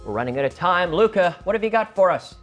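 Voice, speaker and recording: An energetic man hosts a game show and teaches English with a lively, up-and-down voice. He is teacherly and drills the contestants. Faint music plays behind him. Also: high voice, fast. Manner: energetic, teacherly, stresses intonation.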